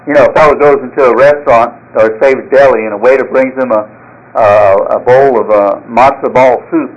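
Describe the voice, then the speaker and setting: A man's voice: mid-range voice, fairly even intonation, fairly quick, lo-fi sound. A man teaching a morning Bible class, reading scripture aloud and then explaining it in a folksy, conversational way with fillers and restarts. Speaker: Sunday school teacher.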